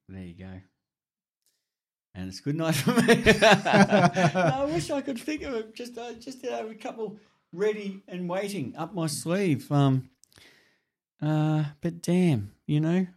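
A middle-aged man, telling rambling stories and swearing freely in casual podcast chat. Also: on the high side. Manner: rambling, swearing, laughing storyteller.

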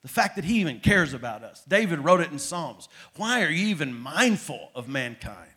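A middle-aged man preaching a sermon, moving between loud, emphatic peaks and low, quiet asides. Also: big pitch swings, normal speed, husky. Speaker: pastor.

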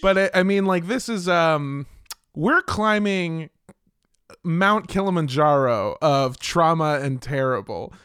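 A man's voice: fairly high pitch, lively intonation, takes it slowly, a bit bright, smooth, no room sound, clean studio sound. A man co-hosting a podcast in casual chat, joking and swearing freely. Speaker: podcast co-host.

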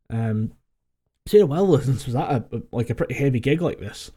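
Speaking quickly in a medium-pitched, dark and slightly rough voice, this Scottish podcast co-host tells stories over a voice call from home. The talk is casual, with plenty of laughter and free swearing.

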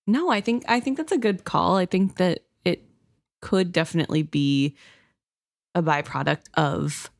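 A woman's voice: fairly low pitch, a little slow, vocal fry. A woman co-hosting a book podcast, chatting casually and often saying "I think" and "like". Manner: chatty, says "I think" and "like" a lot. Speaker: podcast co-host.

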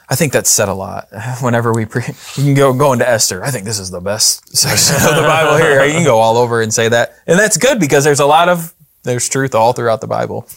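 A man's voice: mid-range voice, gravelly, no room sound, clean studio sound. A man co-hosting a casual Bible discussion, talking in a loose, conversational way with frequent restarts and asides. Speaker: Bible study co-host.

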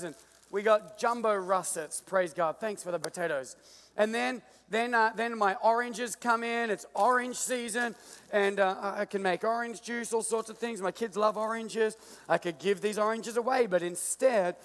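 A man with an Australian accent preaching in a high, light voice. He jokes with the crowd and acts out his points on stage. The sound carries a long reverb from a big hall. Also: normal speed. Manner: playful, joking, animated with the crowd. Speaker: pastor. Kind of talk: lively sermon with stage illustration. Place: large church auditorium.

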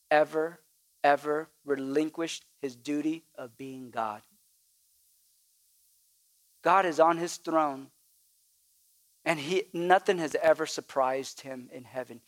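A male pastor preaching a sermon, with call-and-response and repetition that builds to emphatic peaks. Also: fairly high pitch.

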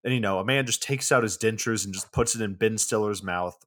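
A man's voice: lowish voice, brisk, fairly bright tone. A man co-hosting a podcast, casually recapping a movie plot in a loose, profane way with lots of fillers. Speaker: podcast co-host.

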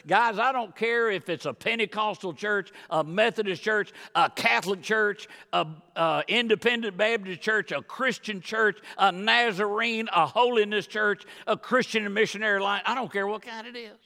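A man preaches with emphatic force, his gravelly voice climbing into high, excited bursts. His tone is sharp and bright. The long reverb of a big church sanctuary trails behind every phrase. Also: normal speed, few pauses. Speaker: guest pastor. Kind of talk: sermon. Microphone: wireless body mic with battery pack.

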